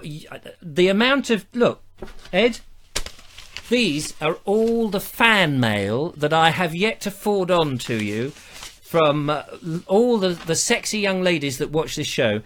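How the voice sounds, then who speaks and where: A man's voice: a little high, very animated, unhurried, a bit bright. A British man hosting a live stream from his back room at home, chatting with viewers in a rambling, jokey, self-mocking way. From Britain. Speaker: livestream host. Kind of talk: casual live chat to viewers. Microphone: laptop or webcam mic.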